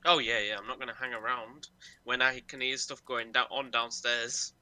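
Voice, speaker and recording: A man playing a tabletop role-playing game, talking things through in a relaxed way with fillers. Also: mid-range voice, normal speed, no room sound, poor audio. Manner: relaxed, thinks aloud with fillers. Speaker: player. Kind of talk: casual tabletop game play.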